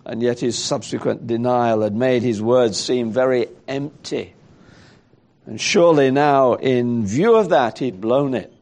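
A man's voice: mid-range voice, measured pace, darkish tone. A man preaching a sermon in a reflective way, thinking aloud and asking rhetorical questions.

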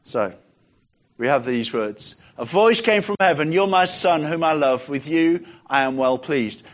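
High-voiced man preaching a sermon. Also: fairly bright tone. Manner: emphatic, rhetorical questions, slows for key phrases.

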